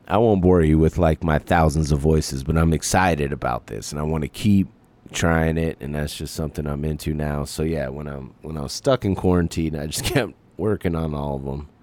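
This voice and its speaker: A man's voice: rumbling low, normal speed, darkish tone. A man hosting his podcast in casual chat, rambling about being a parent and swearing lightly. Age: adult parent. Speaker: podcast host.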